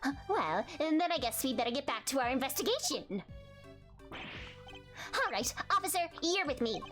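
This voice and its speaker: A woman's voice: sits high, very animated, moderate pace, fairly bright tone. A woman voicing a cocky, clueless young male prosecutor who boasts about his talent. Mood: smug. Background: game music.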